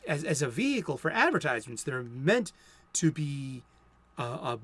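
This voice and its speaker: A man in his fifties who hosts a comic book show, talking in an opinionated, conversational monologue with some halting restarts. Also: on the high side, no echo. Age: 50s. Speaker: comic book video host. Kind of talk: casual monologue.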